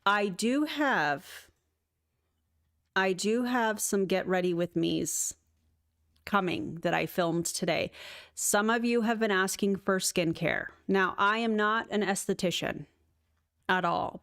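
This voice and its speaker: A woman's voice: mid-range voice, measured pace, a bit bright, no room sound, clean studio sound. A woman hosting a livestream, reacting with sarcasm, laughter and chatty asides. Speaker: YouTube commentary host.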